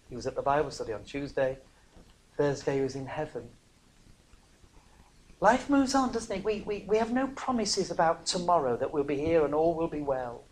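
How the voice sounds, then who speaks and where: In a sermon, a preacher from the north of England drops to hushed near-whispers, then rises to emphatic shouts. His voice sits at medium pitch, and he breaks off now and then for chatty, self-deprecating remarks.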